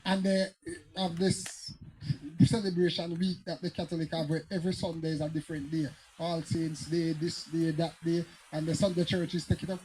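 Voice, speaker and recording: A man's voice: a little high, level tone, normal speed, a little mellow, a little hiss or hum, rough recording. A man with a Jamaican accent, preaching as a pastor and telling stories that climb into fiery, emphatic outbursts. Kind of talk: preaching Bible teaching.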